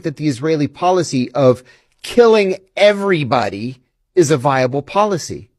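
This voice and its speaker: A man's voice: on the high side, sing-song, normal speed, dry recording, studio quality. A man, a former intelligence officer, giving emphatic, indignant answers in an interview. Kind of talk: interview storytelling.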